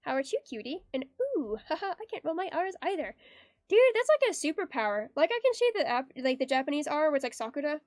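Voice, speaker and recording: A woman's voice: high voice, sing-song, quick pace, dry recording. A young woman streaming her art at home, chatting casually in a bubbly, giggly way and reading her chat aloud. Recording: dry close sound with faint background music.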